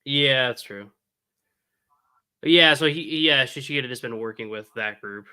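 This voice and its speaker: Bright-voiced man explaining in casual chat. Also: mid-range voice, a little slow, smooth. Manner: chatty, explaining with many fillers. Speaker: podcast co-host.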